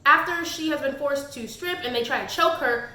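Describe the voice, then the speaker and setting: Bright-voiced woman ranting sarcastically. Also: sits high, moderate pace. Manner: exasperated, sarcastic critique. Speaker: book reviewer. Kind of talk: casual book review vlog. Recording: echoey room.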